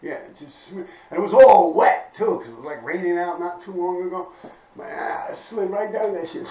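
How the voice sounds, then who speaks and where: A man's voice: high-pitched, normal speed. A man with a New York accent, telling a graffiti story to his viewers in loose, profane street talk, laughing as he goes. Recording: echoey, distant, dull with faint noise.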